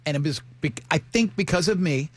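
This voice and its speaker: A man hosting a morning radio show, telling animated, joking stories in casual banter. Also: on the high side, brisk, breathy edge.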